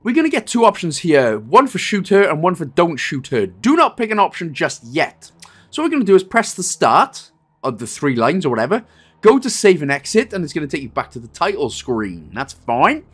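Man, gaming guide host, jokey and playful, fairly high voice, animated pitch. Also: fairly quick, breathy edge. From Wales. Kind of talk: game walkthrough commentary.

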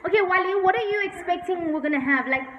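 A woman taking over a friend's vlog indoors, excited and teasing, laughing and swearing as she banters. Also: extremely high pitch, quick pace, lo-fi sound. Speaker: fellow YouTuber. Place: indoors in a house. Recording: echoey room with noise.

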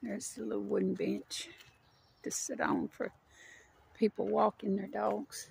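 A woman rambles through a casual walking vlog, a little out of breath. Her mid-pitched voice has a gravelly edge. She was recorded outdoors on a wooded trail with a handheld phone. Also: little pitch movement, measured pace, darkish tone. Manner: chatty, rambling, talks sweetly to her dog. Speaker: vlogger walking her dog.

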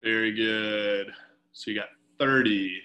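A man's voice: fairly low pitch, fairly even intonation, slow pace, bright, forceful tone, dull audio. A man coaching a swim team through a home workout on a video call, giving chatty, encouraging instructions with fillers.

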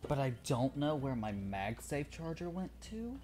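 A man livestreaming a game, chatting casually, swearing, and swinging between mumbled asides and loud outbursts. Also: medium pitch, very animated, normal speed, a little hiss or hum. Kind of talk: casual chat while live gaming.

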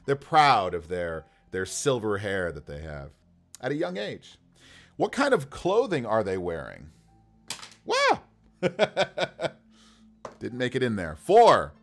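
A man live-streaming as game master, talking through character creation in a rambling, animated way with many fillers. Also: fairly low pitch, slow pace, gravelly, faint music behind.

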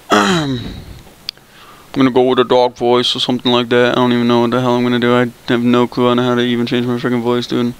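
A man's voice: mid-range voice, completely flat delivery, racing, few pauses, smooth, rough recording. A young man chatting loosely and swearing while he narrates his gameplay for viewers. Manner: loose, swearing, thinking aloud. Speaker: gameplay video creator. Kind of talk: casual gameplay commentary.

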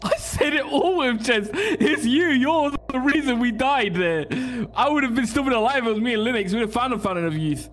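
High-voiced young man, noisy mic. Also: animated, a little fast, few pauses, fairly bright tone. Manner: teasing, blaming, mock outrage. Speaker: gaming group member. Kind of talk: gaming banter. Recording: noisy mic with background hiss.

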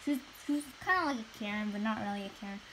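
A woman's voice: medium pitch, animated, racing, fairly bright tone, low-quality recording. A young woman hosting a gaming channel, retelling a story in a chatty, rambling, exasperated way. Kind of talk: casual storytelling vlog. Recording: faint background noise.

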